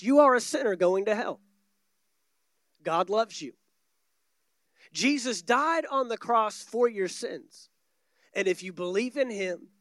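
A man's voice: sits high, fairly bright tone, dry recording. A man preaching a sermon from a church stage, emphatic and repeating key words for stress. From United States.

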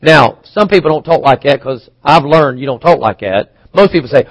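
A man's voice: fairly high pitch, expressive, brisk, no echo, dull audio. A man preaching a sermon, chatty and questioning, acting out quoted voices, with occasional coughs. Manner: conversational, asks the congregation questions. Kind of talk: sermon teaching.

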